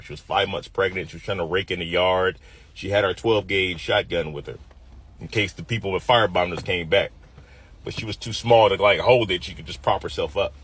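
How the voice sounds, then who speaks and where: A man's voice: low-pitched, fairly bright tone, husky. A man in his fifties from the US Midwest, telling a personal story vividly and acting out the quoted voices.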